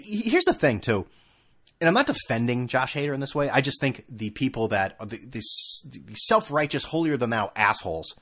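A man's voice: medium pitch, a bit bright. A man in his thirties hosting a solo podcast from a room at home, ranting in a profane, sarcastic and heated way, full of restarts. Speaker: podcast host.

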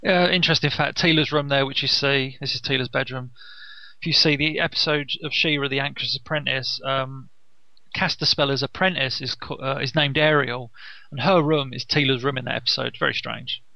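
A man co-hosting a casual cartoon commentary, animated and sarcastic, acting out quoted lines. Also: mid-range voice, brisk, vocal fry, dry recording, low-quality recording. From United Kingdom. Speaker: podcast co-host.

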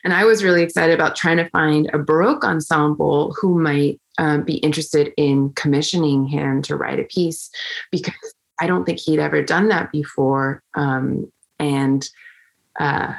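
Woman, young adult, flutist guest, low voice, gravelly, casual storytelling, many fillers. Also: normal speed. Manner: chatty, full of fillers and restarts, animated when quoting.

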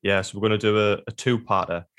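A man with a fairly low voice co-hosts a relaxed podcast chat. He speaks in an easygoing way, often tossing in tag questions and fillers. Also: fast. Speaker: podcast co-host. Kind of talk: casual chat.

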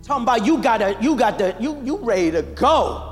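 A man preaching a sermon, animated and playful, acting out biblical voices for the congregation. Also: extremely high pitch, brisk, few pauses, in a large hall, faint music behind.

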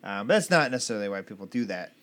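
An easygoing podcast co-host who jokes around and laughs often. The voice sits at an ordinary middle pitch. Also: expressive, rapid-fire, a bit bright. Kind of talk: casual chat.

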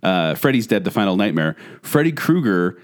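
A middle-aged man co-hosting a podcast, chatting casually and telling stories in a rambling, animated way. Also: on the low side. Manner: animated storyteller, rapid and rambling with restarts. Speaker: podcast co-host. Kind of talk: casual chat.

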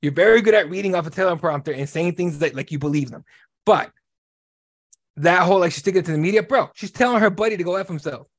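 A fast-talking man with a slightly high voice, ranting bluntly and cursing freely. The sound is dry and close, with no room around it. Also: no echo. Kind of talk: casual podcast chat.

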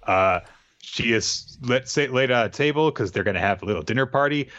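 A man's voice: medium pitch, expressive, a little fast, fairly bright tone. A man recapping a story casually, rambling with many fillers and jokey asides. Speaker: podcast host recapping an anime. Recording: dull lo-fi sound.

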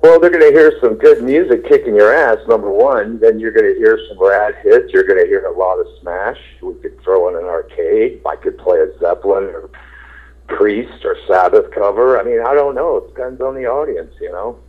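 A man's voice: on the low side, normal speed, slightly rough. A middle-aged man, a rock singer, telling rambling, laid-back stories with swearing in an interview, acting out quotes. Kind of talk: casual storytelling interview. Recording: tinny phone line.

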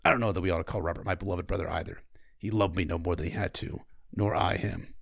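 A grim middle-aged king, as a man puts him on, speaking low and tight through a clenched jaw. Every line comes out clipped and severe. The sound is dry and close. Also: fairly even intonation, fast, vocal fry, a bit bright, dry recording, full character voice. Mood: stern.

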